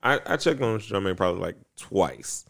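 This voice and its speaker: A man's voice: sits low, moderate pace, gravelly. A man chatting casually on a podcast, telling stories with lots of laughter. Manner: laughing, animated storyteller. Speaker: podcast guest.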